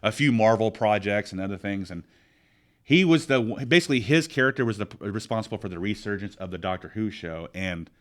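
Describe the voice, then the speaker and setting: A man with a fairly low voice co-hosts a podcast, chatting casually at a fairly quick clip. He rambles and is full of opinions, animated and often restarting his sentences.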